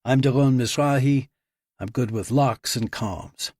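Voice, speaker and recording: A man doing a young lockpicker guy, casual, challenging edge, husky. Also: mid-range voice, a little slow, a little mellow, no room sound, studio quality.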